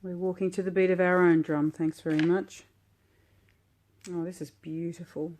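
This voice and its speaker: Low voiced woman on the floor at home unboxing tarot cards, gushy and slow, just loving every card. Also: flat delivery, darkish tone. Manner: gushing, admiring, unhurried. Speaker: tarot vlogger. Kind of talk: relaxed unboxing commentary.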